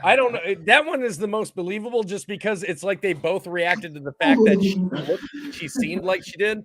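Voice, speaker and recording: A man's voice: sits high, a loud crowd. A man co-hosting a casual podcast, joking around as he reacts to videos. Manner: joking, quick to laugh along. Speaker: podcast co-host.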